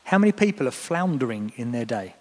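A man's voice: medium pitch, big pitch swings, brisk. A man preaching a sermon in a church, talking earnestly and encouragingly to the congregation. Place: church hall. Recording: long reverb of a church hall.

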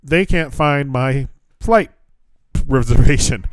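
A thirty-something American man hosting a podcast relates a drawn-out travel story, swearing freely, laughing and quoting both sides of the conversations. His mid-range voice is smooth, his delivery unhurried, and the recording dry.

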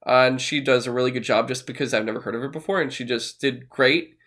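A man's voice: mid-range voice, fast, fairly bright tone. A man co-hosting a casual podcast, rambling with fillers and restarts, swearing now and then. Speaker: podcast co-host. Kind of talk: casual chat.

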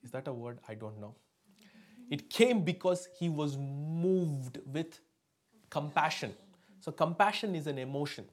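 Male pastor, slightly higher voice, emphatic sermon delivery with call-and-response and loud-soft swings. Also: measured pace. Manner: emphatic, often asks the congregation for replies. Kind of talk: sermon to a live congregation.

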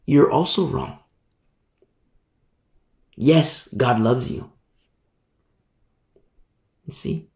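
A preacher delivering an animated Bible-study sermon, often breaking off to ask the listeners "You see?". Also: mid-range voice. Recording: echoey room.

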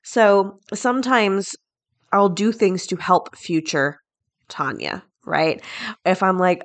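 This middle-aged woman hosts a daily podcast, speaking slowly in a fairly low voice. She chats off the cuff, laughs frequently, and reads out headlines.

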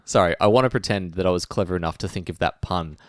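Australian male podcast co-host, very low voice, rambling chatty delivery, dry close mic. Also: fast, no echo. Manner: rambling storyteller, frequent fillers. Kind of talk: casual chat.

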